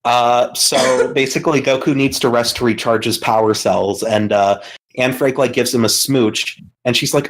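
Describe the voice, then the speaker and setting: This mid-range, fairly evenly intoned voice moves at a moderate pace as the man co-hosts a podcast, telling a long, casual story full of swearing and filler words. It's a low-quality recording.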